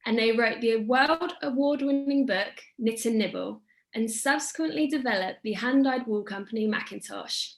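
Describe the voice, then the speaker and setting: A woman introducing the guests of an evening talk in a warm, enthusiastic way. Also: on the high side, normal speed, few pauses. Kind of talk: scripted introduction.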